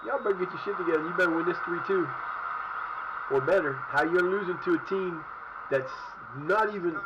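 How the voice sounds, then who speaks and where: A man's voice: high voice, brisk, lo-fi sound, very noisy. A man streaming a football management game and cursing out his own team in angry rants. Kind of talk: live-stream gameplay commentary.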